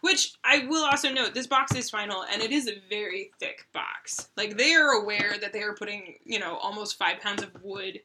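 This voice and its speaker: A young woman hosting a casual board game review, chatty and quick to giggle. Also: medium pitch, background noise. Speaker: host.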